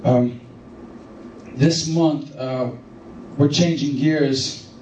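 A man preaching a sermon as pastor, telling stories in an animated way and rising to excited emphasis. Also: mid-range voice, drawn-out words, a little hiss or hum. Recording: echoey room from far off.

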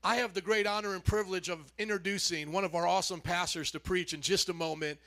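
A man speaking as a pastor, giving a lively, joking sermon introduction in a church and calling on the congregation to answer back. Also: high voice, quick pace. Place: church sanctuary.

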